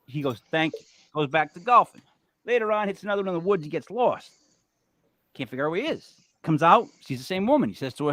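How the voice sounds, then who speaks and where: A man's voice: fairly high pitch, lively intonation, quick pace, sharp tone, no room sound. Rambling man telling a joke. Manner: rambling joke-teller with many ums and restarts. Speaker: podcast co-host. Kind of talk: casual chat, telling a joke.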